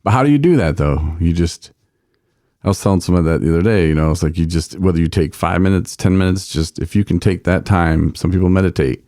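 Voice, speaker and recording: Deep gravelly man musing in recovery talk. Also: fairly quick, dark tone, no echo, clean studio sound. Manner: reflective, repeats words while thinking. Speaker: podcast co-host. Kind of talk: casual recovery podcast chat.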